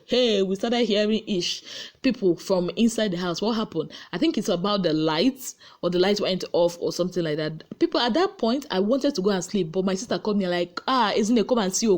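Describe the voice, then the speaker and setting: A Nigerian woman recapping reality-show gossip late at night, tired but lively, acting out what people said. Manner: animated storyteller, acting out quotes with big pitch jumps. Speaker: gossip vlogger. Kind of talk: casual chatty recap. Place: her room at home.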